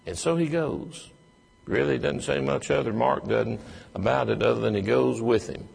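A man preaching a sermon, slow and earnest in his storytelling, building to emphatic moments. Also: mid-range voice, gravelly, darkish tone, breathy edge. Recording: long hall reverb.

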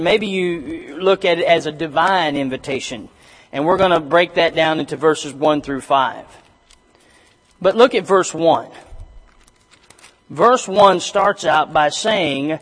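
Male preacher, higher-pitched, hesitant delivery, long church reverb. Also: fairly bright tone. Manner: halting, many restarts and fillers, rising to emphatic reading. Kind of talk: sermon.

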